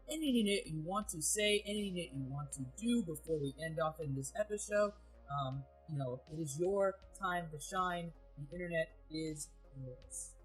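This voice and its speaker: A man hosts a casual interview with playful, jokey energy, tossing off goofy asides. His voice is husky, and faint music plays in the background. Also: sits high, poor audio. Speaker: host.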